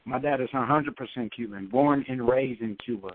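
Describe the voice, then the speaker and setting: Halting man on a tinny phone line. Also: mid-range voice, dry recording. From Brooklyn, New York. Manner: halting, repeats words. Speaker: guest boxer. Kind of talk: casual phone interview.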